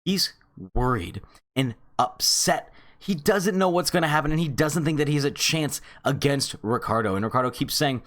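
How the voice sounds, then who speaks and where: A man's voice: a little high, animated, moderate pace, fairly bright tone. A man reviewing a comic chapter in a casual recap, telling the story with animation and calling his viewers friends.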